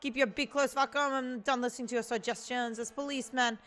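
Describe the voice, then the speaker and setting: A fierce woman rebel leader in a game, stern and commanding, full of contempt, played by a woman. Her voice sits fairly high. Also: fairly even intonation, fast, a bit bright, lightly acted.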